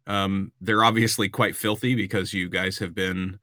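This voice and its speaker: A man's voice: deep voice, fairly even intonation, normal speed, sharp tone, no room sound, clean studio sound. A man narrating a tabletop role-playing game as game master, describing scenes with frequent hesitations.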